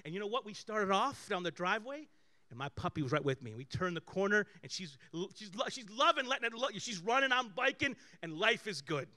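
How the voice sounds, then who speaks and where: A pastor with a high-sitting voice shares personal stories in a conversational sermon at a brisk pace. He is animated, alternating loud bursts with hushed asides.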